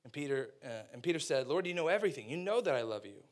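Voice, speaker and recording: A young man preaching a casual sermon, retelling a story with animated quoted voices and slangy asides. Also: mid-range voice, quick pace.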